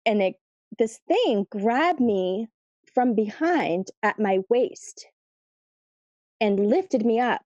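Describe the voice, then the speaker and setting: A woman recounting a personal story as an interview guest, rambling loosely with plenty of "like" and "um". Her voice is mellow and soft-edged, recorded close and dry. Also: mid-range voice, dry recording. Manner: chatty, lots of fillers, "like" and "you know".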